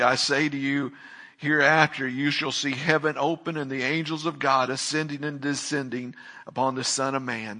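A man's voice: on the high side, pushed and bright. A man preaching a sermon, reading scripture aloud, praying, then preaching with rising emphasis. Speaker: pastor. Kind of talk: sermon with Bible reading and prayer.

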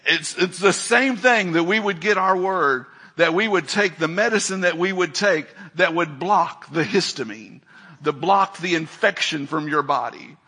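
An older man preaching a sermon as pastor, emphatic, swinging between loud calls and quiet asides. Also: high-pitched, measured pace, breathy edge.

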